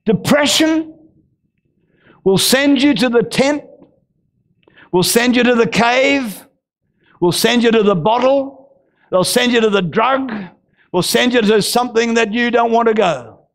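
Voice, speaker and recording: A male pastor, preaching a fervent sermon that bursts into shouting. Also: extremely high pitch, a little slow, pauses often. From Australia.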